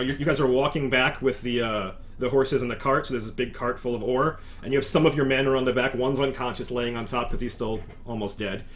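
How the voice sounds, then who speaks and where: A man's voice: mid-range voice, a bit bright, slight background noise. A man narrating as game master in a loose, chatty way, full of fillers and restarts.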